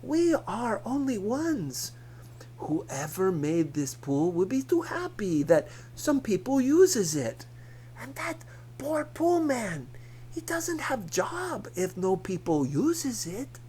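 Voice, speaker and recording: A man's voice: very animated, takes it slowly, slight background noise, heavily acted. A man putting on a theatrical broken-English woman. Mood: coaxing. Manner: high, loud, whining, broken English.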